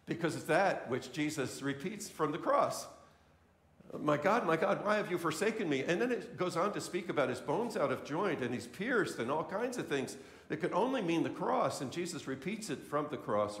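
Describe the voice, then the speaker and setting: A male pastor giving an earnest sermon to a congregation, repeating key phrases for emphasis. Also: fairly high pitch. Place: church sanctuary. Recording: echoey church room.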